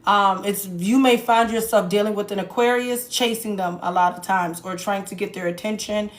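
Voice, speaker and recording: A woman's voice: medium pitch, moderate pace. Blunt, joking woman reading tarot. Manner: blunt, profane, joking asides. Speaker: tarot reader. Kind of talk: casual tarot reading to viewers. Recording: echoey room with faint noise.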